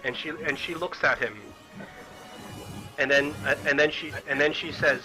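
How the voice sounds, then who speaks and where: A man runs a tabletop game, narrating in a bright, forward voice that sits slightly high. He tells the story in quick bursts full of restarts. Faint music plays behind him. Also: steady tone, low-quality recording. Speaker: game master.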